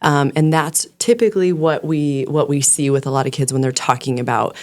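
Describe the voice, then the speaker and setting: A woman with a low, deep-set voice talks as a clinical social worker on a podcast. She explains things earnestly and at length, sometimes rambling as she goes. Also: brisk. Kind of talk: casual podcast conversation.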